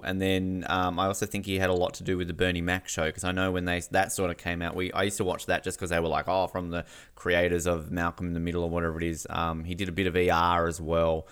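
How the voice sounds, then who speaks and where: Podcast co-host, man, slightly low pitch, chatty and rambling, laughs a lot. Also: a bit bright, clean tone. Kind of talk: casual chat.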